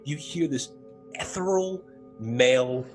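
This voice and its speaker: A man's voice: medium pitch, takes it slowly, soft background music. A young adult man telling a ghost story casually, acting out the dialogue with laughs. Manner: animated, acts out quoted dialogue with laughs. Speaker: paranormal investigator telling his story.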